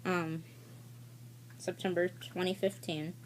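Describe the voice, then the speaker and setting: A woman's voice: fairly low pitch, little pitch movement, slow pace, a little hiss or hum. A woman vlogger telling a casual story-time tale in a rambling, candid way, with frequent fillers and swearing.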